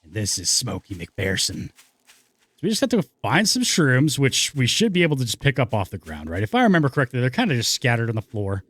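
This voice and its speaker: Animated joking man narrating his gameplay. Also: medium pitch, brisk, no echo. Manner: jokey, rambling, talks to himself and the game; lively swings from mumbles to excited whoops. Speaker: let's play gamer. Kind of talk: casual gameplay commentary.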